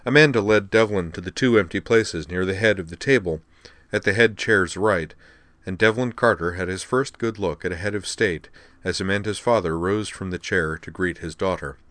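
Deep-voiced male audiobook narrator. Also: moderate pace, a bit bright, dry recording. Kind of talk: scripted narration.

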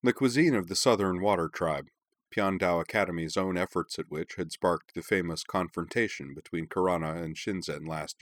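Deep-voiced man narrating a story. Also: no echo, studio quality. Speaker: audiobook narrator. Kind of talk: scripted narration.

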